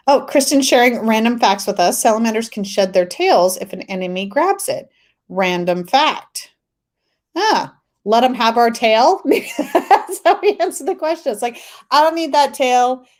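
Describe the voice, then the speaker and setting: A woman's voice: on the high side, darkish tone. A woman hosting a tarot live stream, chatting casually, reading viewer comments aloud and laughing often.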